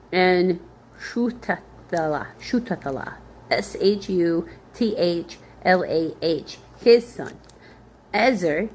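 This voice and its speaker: A woman leading a Bible study, reading names from scripture aloud, spelling hard ones out letter by letter and thinking aloud with fillers. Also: fairly low pitch.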